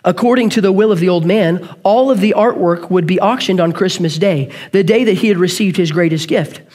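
High-voiced preacher telling a story. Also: male voice, darkish tone. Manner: earnest storytelling, quick with self-corrections. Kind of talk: sermon.

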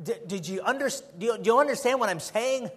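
High-voiced impassioned male preacher. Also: expressive, fast talker, slightly rough. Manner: impassioned, rhetorical questions, swings between loud and soft. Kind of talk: sermon.

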